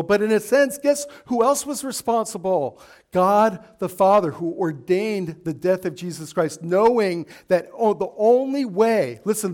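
A pastor preaching a sermon in church, asking his congregation emphatic rhetorical questions. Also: high voice.

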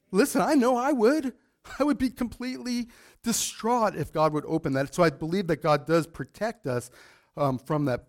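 Male pastor, slightly high voice, lively teaching sermon, quizzes the congregation. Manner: animated, quizzes the congregation with questions.

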